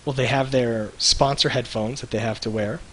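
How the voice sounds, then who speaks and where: A man's voice: mid-range voice, steady tone, normal speed, a bit bright, low-quality recording. Canadian man, live stream co-host, loose and joking, light hiss on the mic. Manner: loose, jokey, laughs often. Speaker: show host. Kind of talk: casual live stream chat.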